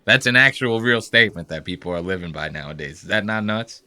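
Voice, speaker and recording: Profane, animated male podcast host. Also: fairly low pitch, brisk. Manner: profane, animated, mocking impressions. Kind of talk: casual commentary reacting to clips.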